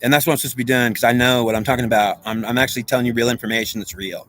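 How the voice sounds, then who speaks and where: A man's voice: medium pitch, fairly even intonation, rapid-fire, fairly bright tone, rough recording. A man delivering a rambling spiritual monologue, insistently repeating himself and often asking whether the listener understands. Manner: repetitive, insistent, asks "do you understand"; frequent restarts and stammered repeats.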